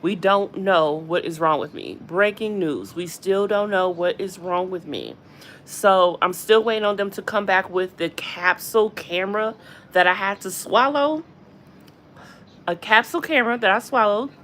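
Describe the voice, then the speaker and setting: A woman chatting to her viewers from a hospital room in a loose, animated way, her voice sitting in an ordinary middle pitch. She talks as though she is catching up with friends, calling out to the audience as she goes. Faint ambient noise hangs behind her. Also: moderate pace. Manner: chatty and animated, often addressing viewers as y'all. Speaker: gossip channel host. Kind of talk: casual chat livestream.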